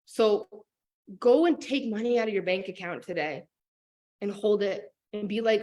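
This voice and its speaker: A woman speaks in a casual, animated coaching talk, her voice sitting at an everyday middle pitch. She peppers her lines with fillers and restarts as she urges listeners on. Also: moderate pace. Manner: animated, lots of fillers like "like" and "oh my God". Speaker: business and manifestation coach.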